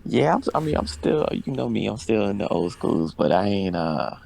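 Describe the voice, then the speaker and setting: A podcast guest speaks in a relaxed, easygoing way, tossing in "bro" now and then. His voice is very deep and has a heavy gravelly fry to it. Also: moderate pace. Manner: laid-back, says "bro". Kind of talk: casual chat.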